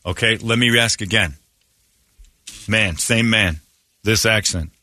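A man's voice: lowish voice, a little slow, long pauses, pushed and bright, dry recording. A man hosting a morning radio show, rambling through announcements and teasing his co-host. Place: radio studio.

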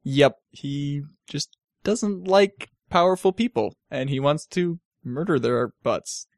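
A young man co-hosting a casual gaming news chat, wry and quick to laugh as he reads news items. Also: on the high side, darkish tone, no room sound, clean studio sound. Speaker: co-host.

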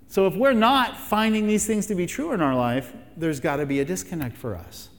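A pastor with a slightly high voice preaches to his church at a brisk clip with few pauses. He presses his points through rhetorical questions and repeated phrases. A long reverb makes the sermon ring out as if in a large hall.

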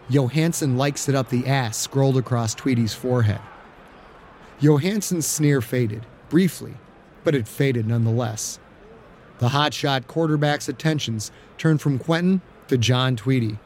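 A man narrating an audiobook in a steady, dramatic storytelling manner. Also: medium pitch, a little slow, slight background noise. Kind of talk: scripted narration.

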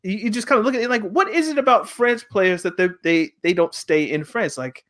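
A man in casual football chat with a co-host, animated and arguing his point through rhetorical questions. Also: high-pitched, a little fast. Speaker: podcast co-host.

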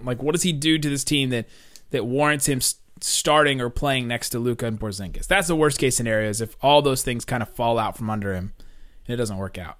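A man's voice: mid-range voice, fairly bright tone. A man co-hosting a sports podcast, talking casually and laughing between points. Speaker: podcast co-host.

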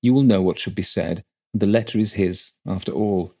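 A man's voice: low voice, normal speed, warm tone. Man doing a stern, scheming old mother. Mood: probing. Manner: urgent, commanding.

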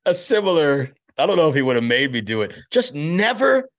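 A comedian telling a quick anecdote in casual chat, jumping into loud impressions. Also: male voice, fairly high pitch. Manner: animated, jumps into loud impressions. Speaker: comedian guest.

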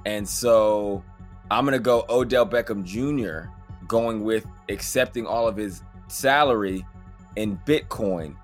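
A man co-hosting a sports podcast in casual chat, animated and laughing as he reads words and definitions. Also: lowish voice, a little slow, faint music behind. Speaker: podcast co-host.

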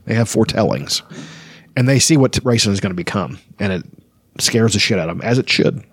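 Man hosting a book chat, rambling with restarts, lowish voice, dry close mic. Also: lively intonation, brisk, slightly rough, no room sound. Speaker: podcast host discussing a fantasy novel. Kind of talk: casual chat and reading aloud.

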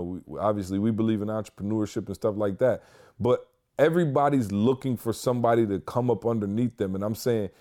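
Man, podcast co-host, casual rambling chat, dark mellow tone. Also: lowish voice. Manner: loose, rambling, repeats "you know".

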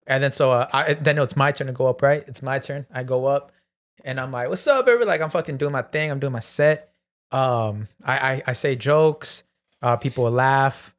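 A man's voice: medium pitch, fairly even intonation, moderate pace. A young man co-hosting a podcast, casually telling a story about his own stand-up set, swearing freely and acting out what he said back then. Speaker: podcast host.

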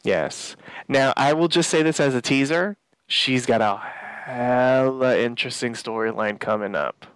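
A man co-hosting a casual TV recap podcast, who talks in a teasing, animated way. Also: medium pitch, measured pace, smooth, no echo, rough recording. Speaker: podcast co-host.

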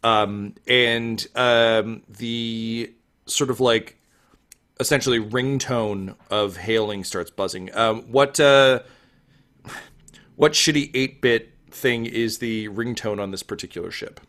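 A man narrating a tabletop game as game master, lively and animated. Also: medium pitch, slow. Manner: lively, animated, loose with fillers.

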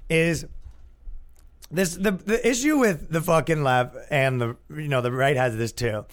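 Animated, profane male comedian host. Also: a little high. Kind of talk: casual podcast rant.

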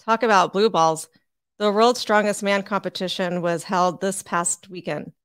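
Lady doing a goofy baby anchor reading the news, smooth voice, stumbles a bit. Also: medium pitch, fairly even intonation, dry recording, studio quality, natural voice. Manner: halting, reading the script. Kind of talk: comedic news sketch.

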